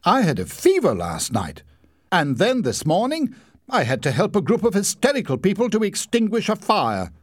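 A man's voice: medium pitch, wildly swooping pitch, unhurried, breathy edge, no echo, studio quality, pitched above the performer's own voice, exaggerated voice. A man voicing a self-important young know-it-all who whines and lectures in a storybook reading. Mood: haughty. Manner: haughty, whining, self-important.

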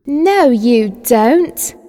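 A man's voice: very high voice, lively intonation, extremely slow, in a large hall, pitched above the performer's own voice, full character voice. A man doing a brave little girl. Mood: determined. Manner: determined, shouting. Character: brave young girl heroine. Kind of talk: storybook reading.

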